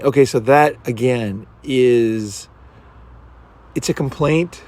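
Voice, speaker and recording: A man in the middle of the male pitch range, speaking as a dating coach in loose, casual commentary. He wanders from point to point, swears without hesitation, and keeps checking in with "right?". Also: slow pace, a little mellow. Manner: rambling, keeps asking "right?"; blunt, swears freely.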